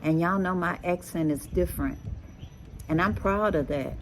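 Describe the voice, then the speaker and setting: A middle-aged woman from Texas with a Creole accent that blends Louisiana and Galveston, chatting casually to her viewers in an unhurried, drawn-out way and calling them "y'all". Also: lowish voice, slight background noise. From Texas, USA. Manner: slow, drawn-out talk, often saying "y'all". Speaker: vlogger. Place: rooftop outdoors.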